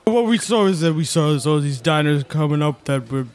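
A woman playing a cafe owner who keeps up a gruff movie-star impression, defensive. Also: deep voice, animated, a little fast, darkish tone. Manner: growling impression, defensive, repeats words. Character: female cafe owner mimicking Stallone, gruff, touchy. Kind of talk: sketch comedy.

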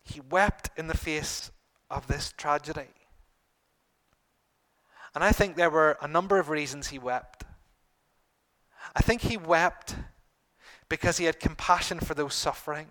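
A middle-aged pastor preaches a sermon to his congregation in a slightly high, sharp-toned voice. He is earnest, repeating phrases and pausing for emphasis.

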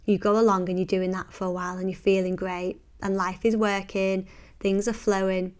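A woman hosting a motivational podcast, speaking earnestly and encouragingly before easing into a soft, hushed guided visualization. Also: mid-range voice, flat delivery, smooth. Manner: earnest and encouraging, softening to a hushed, slow delivery. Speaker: podcast host and meditation guide.

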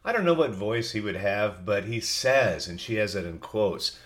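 A man's voice: lowish voice, animated, moderate pace, a bit bright. Folksy man with a cold hosting a podcast. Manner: chatty and folksy, with asides. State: has a cold. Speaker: podcast host. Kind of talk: casual solo podcast reading listener answers.

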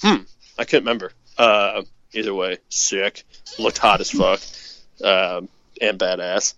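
St dude rambling on a podcast, swears a lot, dry dull-sounding mic. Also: male voice, sits low, measured pace, vocal fry, bright, forceful tone, no echo. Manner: loose and profane, lots of fillers. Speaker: podcast co-host. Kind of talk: casual chat.

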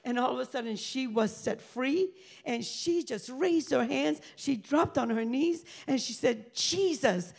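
A woman preacher telling a testimony and praying fervently, building to shouted prayer. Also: high voice, measured pace, gravelly.

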